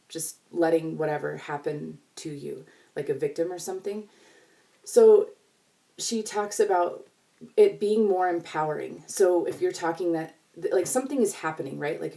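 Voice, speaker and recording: A woman's voice: low-pitched, dark tone, far from the mic. A woman talking casually to her viewers in a chatty, reflective way with many fillers. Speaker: vlogger. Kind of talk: casual talk to camera.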